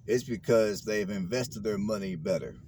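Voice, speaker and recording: A man's voice: on the low side, normal speed, darkish tone. A man vlogging from his car, giving preachy advice in casual slang and repeating his points. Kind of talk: casual talk while driving. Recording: car noise behind.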